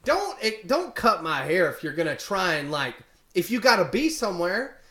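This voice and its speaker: A man's voice: high voice, big pitch swings, normal speed, bright, forceful tone. A young man telling a story to camera in a rambling, casual way, full of fillers. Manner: rambling, filler-heavy retelling of a complaint. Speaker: vlogger. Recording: echoey room.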